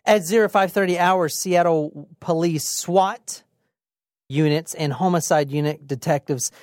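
A podcast co-host with a medium-pitched voice, recorded in a clean studio with no room sound, retells a true crime case. The telling is casual, animated, and dramatic, peppered with frequent swearing.

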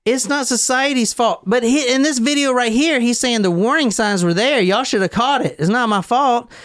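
A man's voice: extremely high pitch, moderate pace, a bit bright, no echo. A man hosting a podcast, ranting heatedly and swearing freely in a casual chat, speaking into a studio mic. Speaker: podcast host.

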